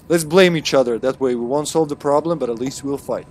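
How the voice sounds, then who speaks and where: A man's voice: mid-range voice, moderate pace, a little mellow, slight background noise. A man with a Russian accent streaming a co-op video game, chatting casually and cracking jokes with his teammate. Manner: joking, playful banter. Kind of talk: casual co-op gaming chat.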